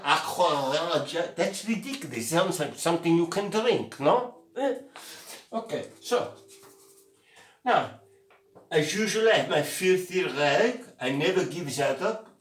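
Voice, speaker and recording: A man's voice: on the high side, lively intonation, unhurried, a little hiss or hum. An older man giving a casual painting lesson, joking and making theatrical asides to his viewers. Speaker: painting teacher. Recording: echoey room, mic at a distance, faint music.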